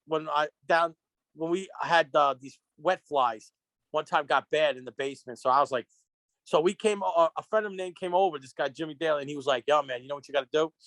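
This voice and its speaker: A man as a podcast guest, telling stories in an excitable, rambling way, full of restarts and acted-out quotes. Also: fairly high pitch, no room sound. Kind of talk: casual storytelling chat. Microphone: podcast microphone.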